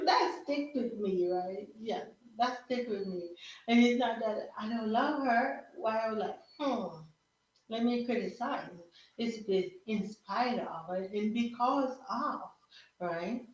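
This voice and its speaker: Woman podcaster talking slow and thoughtful, keeps asking "right?", big echoey room. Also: fairly high pitch, expressive. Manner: reflective, asks rhetorical questions with frequent "right?". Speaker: podcast host. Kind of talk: casual solo talk.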